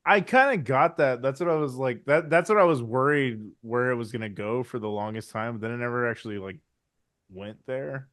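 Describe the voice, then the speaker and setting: A man's voice: mid-range voice, lively intonation, brisk, a bit bright. A man co-hosting a podcast, chatting casually about a film with frequent laughs, "like"s and murmured agreement. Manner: laughs often, lots of fillers and agreeing murmurs. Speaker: podcast co-host.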